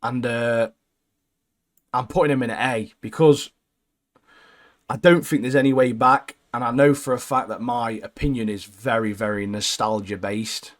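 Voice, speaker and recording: A young man co-hosting a casual gaming chat, blunt and opinionated, ending phrases with "mate" and dropping low. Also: normal speed. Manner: blunt, says "mate" constantly, trails off low at line ends. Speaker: co-host.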